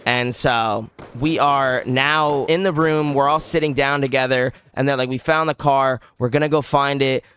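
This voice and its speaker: A young man tells a story straight to his audience, his voice bright and crisp. He rambles and restarts, packing in "like" as he talks in a loose, animated way. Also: mid-range voice, moderate pace, hardly any pauses. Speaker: vlogger. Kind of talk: casual storytelling.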